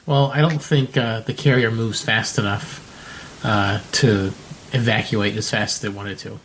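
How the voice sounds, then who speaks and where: A man's voice: lowish voice, fairly even intonation, a little slow, a bit bright, a little hiss or hum, low-quality recording. A man on a podcast, chatting casually about a show and dropping dry, jokey asides. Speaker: podcast guest. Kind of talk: casual recap chat.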